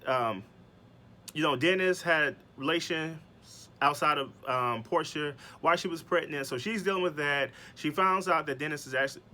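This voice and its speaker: Bright, chatty man recapping a reality show. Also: a little high. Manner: chatty, with many fillers and rhetorical questions. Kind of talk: casual recap commentary.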